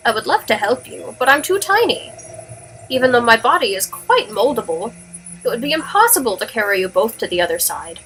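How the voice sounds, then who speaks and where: A woman's voice: fairly high pitch, big pitch swings, fairly quick, a bit bright, a little hiss or hum, low-quality recording. A woman voicing a polite, kindly male toad in a video game. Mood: concerned.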